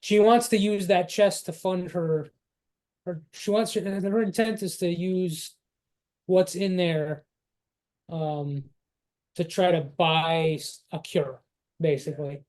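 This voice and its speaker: A man with a slightly higher voice runs a tabletop fantasy game. He describes the scene and the players' surroundings with frequent stops and restarts. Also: steady tone, takes it slowly, a little mellow. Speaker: game master.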